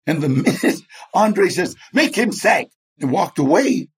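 A man's voice: on the high side, lively intonation, unhurried, slightly rough. A man, a guest in an interview, telling stories animatedly, acting out the people he quotes and laughing often. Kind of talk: storytelling in a chat interview.

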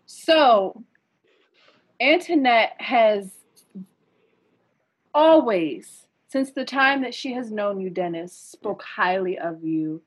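A woman co-hosting a podcast, chatting in a relaxed way. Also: mid-range voice, slow pace, long pauses, poor audio. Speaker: podcast co-host. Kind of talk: casual chat.

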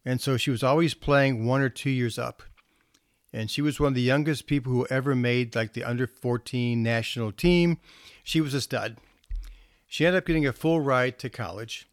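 A male counselor giving a storytelling talk to parents. He speaks in a relaxed, conversational way with small restarts. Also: mid-range voice, no echo, clean studio sound.

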